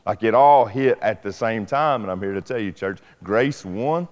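Earnest pastor in a reverberant church. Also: male voice, lowish voice, normal speed, a little mellow. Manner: earnest, conversational and personal. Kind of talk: sermon. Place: church sanctuary.

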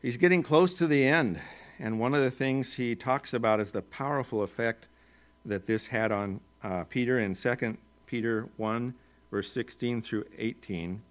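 A male pastor with an American accent preaching a sermon in a relaxed, conversational way, with joking asides and chuckles. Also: medium pitch, normal speed.

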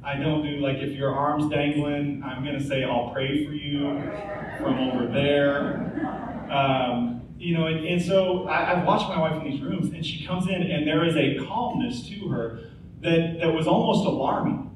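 A man's voice: on the high side, normal speed, very noisy. A man in his forties preaching a sermon in a church, earnest and conversational, with rhetorical questions. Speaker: pastor. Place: church sanctuary. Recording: echoey hall, speaker far from mic.

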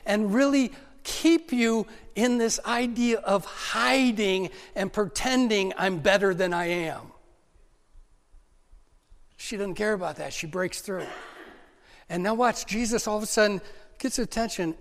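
A middle-aged male pastor preaching a sermon, passionate at first and then soft and personal, often restarting his words. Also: extremely high pitch, measured pace. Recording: long hall reverb.

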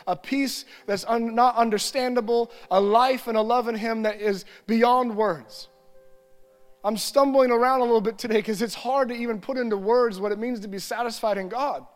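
A man preaching a sermon as pastor, earnest and repetitive, building lists of phrases and slipping into quiet prayerful reading. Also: sits high, long reverb tail.

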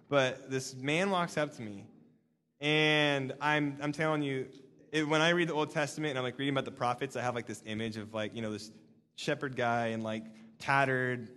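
A young man giving a casual, animated sermon, full of fillers and restarts. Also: mid-range voice, big-room sound. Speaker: preacher.

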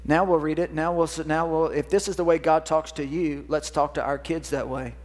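A man's voice: a little high, steady tone, a little fast. A pastor preaching a sermon to his congregation, folksy and repetitive, calling for responses from the crowd. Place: church sanctuary. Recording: long reverb of a church hall.

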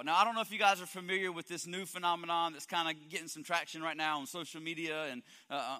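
Male pastor, high bright voice, joking sermon delivery, long church-hall reverb. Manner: energetic, joking with the congregation.

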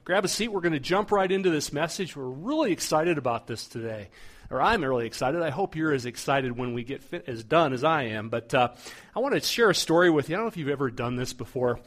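A middle-aged man preaching a sermon, telling a story in a conversational, animated way as the pastor. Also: on the high side, fast talker.

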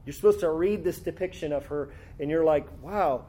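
This man's voice is a little high and brisk, with a warm tone. He's preaching a sermon, reading scripture aloud with rising fervor and explaining it conversationally, often tacking on tag questions.

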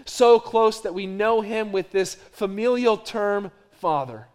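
A middle-aged man with a high-pitched voice preaches a sermon. His delivery moves between quiet, dropped phrases and louder emphatic runs of repetition. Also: slow pace, smooth. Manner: varies from hushed to loud, repetitive emphatic phrasing. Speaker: pastor.

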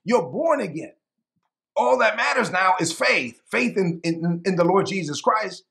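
A man's voice: high-pitched, expressive, unhurried, gravelly, bright, forceful tone, exaggerated voice. A man voicing an exasperated male apostle who scolds and pleads with his followers in an incredulous, raised voice. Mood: pleading.

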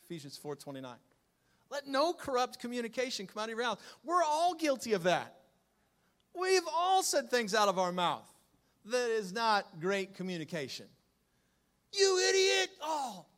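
Male pastor, sermon delivery, high-pitched, teasing humor with emphatic outbursts. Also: big pitch swings, moderate pace. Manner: joking, swings from low asides to loud emphatic lines.

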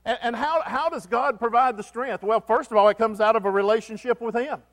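High-voiced preacher in a reverberant hall. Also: male voice, a little fast. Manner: preaching with rhetorical questions and repeated phrases. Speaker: pastor. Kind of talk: sermon.

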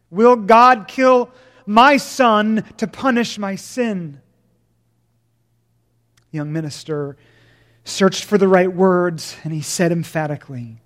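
A man preaching a sermon as pastor, swinging from loud emphasis to hushed, slow lines. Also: sits high, big-room sound.

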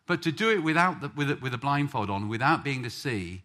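A man's voice: medium pitch, lively intonation, fairly quick, sharp tone. A man from England preaching a sermon, joking with the congregation before telling a story. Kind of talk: sermon with audience banter.

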